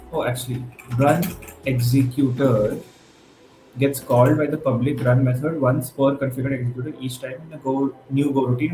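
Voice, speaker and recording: A man in his twenties streaming a live coding session, thinking aloud and getting excited, mixing in Hindi words. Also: medium pitch. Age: 20s. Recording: roomy with faint music behind.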